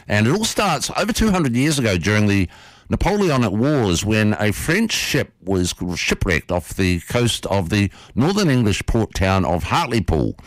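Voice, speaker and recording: A man on a studio mic spinning a radio yarn. His pitch swings a lot as he tells it, and the sound is close and dry. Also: dry recording. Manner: lively, playful, quick storytelling. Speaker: radio host. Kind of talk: radio storytelling and interview intro. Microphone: studio microphone.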